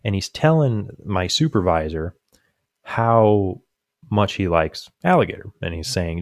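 A young man co-hosts a podcast in a fairly low, gravelly voice, animated and at normal speed. He chats casually, rambling with fillers and restarts and often laughing at his own punchlines. No room sound is audible.

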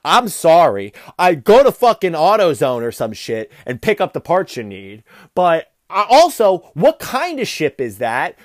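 A man's voice: a little high, huge pitch swings, a little slow, dry recording, clean studio sound. A man voicing an exasperated male fish-person ship mechanic who whines, swears and gets defensive.

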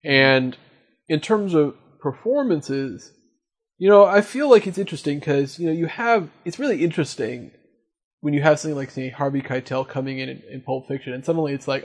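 A man's voice: fairly high pitch, expressive, fairly quick. A man hosting a casual podcast discussion, leading the talk and putting questions to his co-hosts. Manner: leads the talk, asks the others questions. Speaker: podcast host.

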